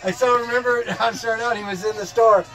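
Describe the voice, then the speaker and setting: A man's voice: very high voice, steady tone, fast talker, pushed and bright, rough recording. A man co-hosting a camping vlog, chatting casually and laughing a lot. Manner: laughing, amused. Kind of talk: casual chat.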